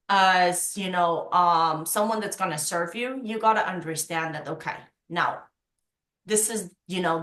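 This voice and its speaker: Lively woman coaching on a video call. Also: fairly low pitch, reverberant. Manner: energetic, coaching, acts out past conversations. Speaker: insurance sales trainer. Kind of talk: training call.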